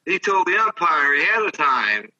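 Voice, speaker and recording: A man's voice: on the high side, very animated, normal speed, sharp tone, distant mic, highs cut off. An older man, a former ballplayer, telling rambling, profane stories in casual chat. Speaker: guest, former baseball player. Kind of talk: casual storytelling.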